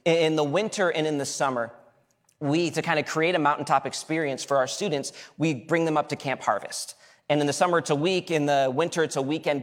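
An earnest male pastor tells stories from the pulpit in a relaxed, conversational way. His voice sits a little high for a man. It carries a long reverb from the hall. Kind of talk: sermon.

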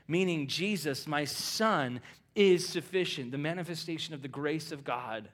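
A middle-aged pastor preaching in a fairly high voice. He drops into quiet conversational asides, then rises to loud, emphatic peaks, slipping into casual voices to act out what people say. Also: measured pace. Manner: acts out quoted lines in conversational voices. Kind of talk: sermon.

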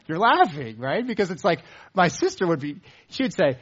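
A man with a slightly husky, fairly high voice delivers a sermon. His pitch is lively, climbing with emphasis and then sinking low. The recording sounds dull and lo-fi. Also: measured pace. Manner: earnest, builds up then drops low for emphasis. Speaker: pastor.

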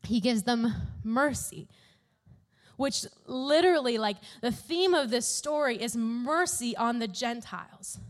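A young woman telling a Bible story to a youth group in a casual, animated way, full of "like" and "literally". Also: on the high side, unhurried. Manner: animated, chatty, fills talk with "like" and "literally".

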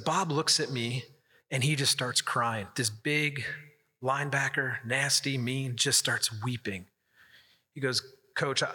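A pastor with a mid-range, bright, forceful and husky voice delivers an earnest, conversational sermon, telling stories from the pulpit. The recording carries a long hall reverb.

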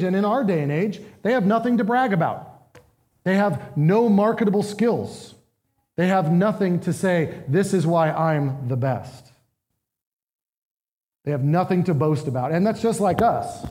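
A man's voice: sits high, expressive, normal speed, mellow, long reverb tail. A man preaching a sermon as pastor, earnest and emphatic, asking his listeners questions.

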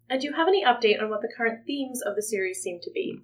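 A woman's voice: a little high, fast, few pauses, a bit bright. A woman co-hosting a casual podcast, laughing often and reading out listener comments. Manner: giggly, reads listener comments aloud. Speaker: podcast co-host. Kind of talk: casual chat.

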